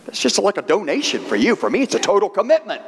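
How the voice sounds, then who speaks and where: A preacher doing a blunt, stubborn little pig. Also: male voice, high-pitched, huge pitch swings, quick pace, background noise, heavily acted. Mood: protesting.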